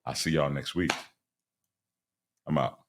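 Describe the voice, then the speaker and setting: A man's voice: very deep voice, fairly even intonation, measured pace, fairly bright tone, slight background noise. A middle-aged man hosting a casual commentary podcast, speaking emphatically in a preachy way and acting out other people in a raised voice. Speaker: podcast host.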